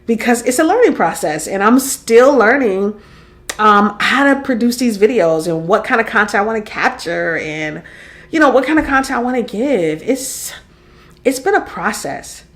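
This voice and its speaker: A woman's voice: fairly high pitch, animated, moderate pace, a bit bright. A woman in her forties talking candidly in a personal vlog, reflective and openly vulnerable, admitting she rambles as she thinks aloud. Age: 40s. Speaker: content creator and podcaster.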